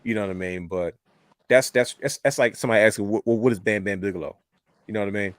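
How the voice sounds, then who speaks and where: In a dry, clean studio recording, a man with a lowish voice talks fast while co-hosting a casual wrestling podcast. He rambles, repeats words and keeps saying "you know what I mean."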